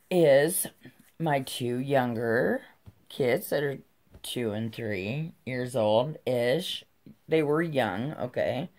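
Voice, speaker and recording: Low, slow-talking woman telling a story. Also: darkish tone. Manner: profane, heated, conversational. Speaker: channel host telling a personal story. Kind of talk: casual storytelling vlog.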